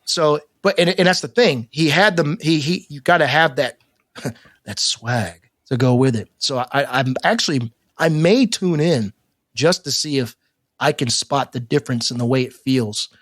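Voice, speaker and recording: A man co-hosting a podcast in casual chat, talking in stammering restarts and getting animated as he makes a point. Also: fairly high pitch, moderate pace, no echo, clean studio sound. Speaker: podcast co-host.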